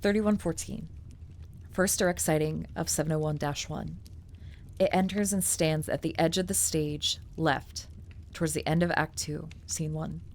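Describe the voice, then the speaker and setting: A woman's voice: low voice, steady tone, normal speed. A woman streamer reading a document aloud, breaking off into chatty, filler-heavy asides and casual swearing.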